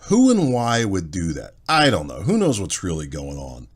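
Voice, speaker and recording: A man's voice: deep voice, wildly swooping pitch, moderate pace, breathy edge. A man hosting a talk podcast, giving a blunt, sarcastic opinion monologue full of rhetorical questions. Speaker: podcast talk show host.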